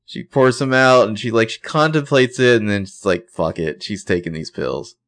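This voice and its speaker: A man co-hosting a podcast, recapping a TV episode in an animated, profane, opinionated way. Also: mid-range voice, moderate pace. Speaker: podcast co-host. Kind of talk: casual TV recap chat.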